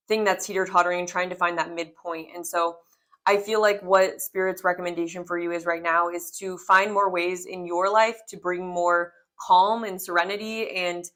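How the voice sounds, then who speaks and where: A young woman in her twenties talks through a tarot reading in a loose, rambling way. She circles back on her thoughts and leans on fillers, with a gentle, reflective delivery. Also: on the low side. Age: 20s. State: slightly out of breath. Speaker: tarot reader. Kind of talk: casual spoken tarot reading.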